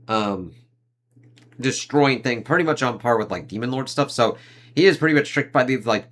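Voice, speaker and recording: A man giving a casual, loose review of an anime season, swearing freely and leaning on fillers like "like" and "uh", with quick impressions of the characters he talks about. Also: medium pitch, fairly bright tone. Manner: rambling, profane, heavy on fillers like "like" and "uh".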